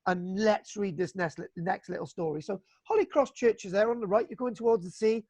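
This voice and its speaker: Man, local history lecturer, chatty and folksy, fillers and restarts, fairly high voice, dry sound. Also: fairly quick, darkish tone, no room sound. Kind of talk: online illustrated history lecture.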